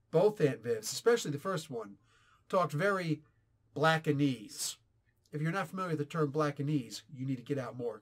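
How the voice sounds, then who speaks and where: A man in his forties giving a casual, opinionated comic book review, animated and sarcastic. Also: medium pitch. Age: 40s. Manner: animated, ranting, sarcastic asides.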